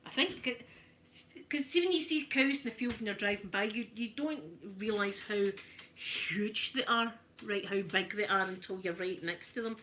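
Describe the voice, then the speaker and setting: A Glaswegian woman in her fifties talks softly for an ASMR video while ironing. She spins lively stories in broad Scots and chats back to her viewers. Her voice is bright and sharp-edged, at a middling pitch for a woman. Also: moderate pace, slight background noise. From Scotland. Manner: animated storyteller, broad Scots words, chatting with viewers. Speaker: ASMR creator. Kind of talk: soft-spoken ASMR chat while ironing.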